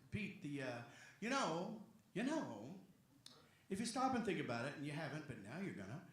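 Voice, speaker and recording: A middle-aged man, a voice actor answering fan questions at a convention panel, joking and rambling with quick asides. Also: fairly high pitch, very animated, background noise. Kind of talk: convention Q&A chat. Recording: echoey convention hall.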